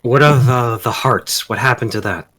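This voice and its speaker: A man's voice: mid-range voice, a bit bright. Hesitant man playing a tabletop game. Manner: hesitant, halting, with many fillers. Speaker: tabletop player.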